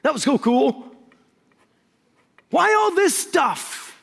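A pastor voicing a crowd of complaining Israelites who whine and accuse their leader. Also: male voice, sits high, wildly swooping pitch, measured pace, vocal fry, fairly bright tone, slightly rough, long reverb tail, exaggerated voice. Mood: whiny. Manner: whining, accusing.

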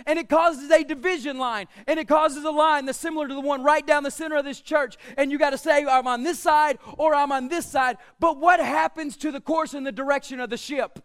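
A male pastor with a strikingly high voice preaches, building to loud, emphatic declarations before dropping into quieter, joking asides. His tone is smooth and resonant, and he quotes scripture with rising force. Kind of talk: sermon.

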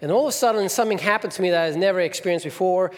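A middle-aged man preaching a sermon, telling personal stories in an animated way and acting out voices. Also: sits high, very fast. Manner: animated storyteller, acts out voices. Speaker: pastor. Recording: long reverb of a church hall.

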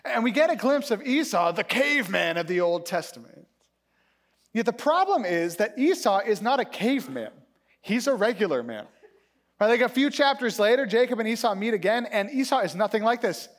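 Guy preaching a sermon, pretty high voice, bounces all over the place doing little character voices. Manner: animated storytelling, acting out characters in quick voices. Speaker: pastor.

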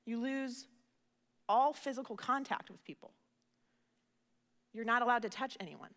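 High, bright-voiced woman preaching in a hall. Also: expressive, measured pace. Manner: earnest, conversational, repeats words when starting phrases. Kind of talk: sermon. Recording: reverberant hall.

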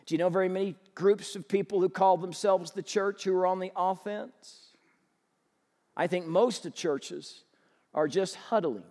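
A man preaching a sermon as pastor, animated and acting out excited sports fans. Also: high voice. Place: church sanctuary. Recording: long church reverb.

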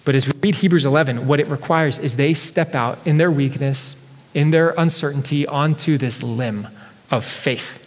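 A man's voice: on the high side, normal speed. Male pastor, conversational sermon delivery, lifts his energy on scripture readings; long hall reverb. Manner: conversational, reads scripture aloud with rising energy.

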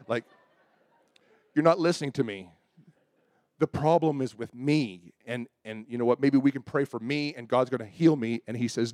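A man's voice: mid-range voice, moderate pace, no echo, clean studio sound. A man preaching a sermon, telling a personal story with acted-out dialogue and building to emphatic points. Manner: animated storyteller, acts out quoted voices, rising to emphatic preaching. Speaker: pastor.

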